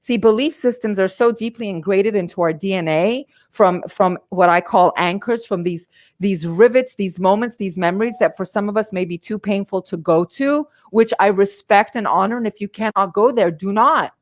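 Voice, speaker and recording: A woman's voice: mid-range voice, moderate pace. A middle-aged woman on a live stream, giving a passionate motivational talk as a coach, emphatic and full of repeats. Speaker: life coach and livestream host.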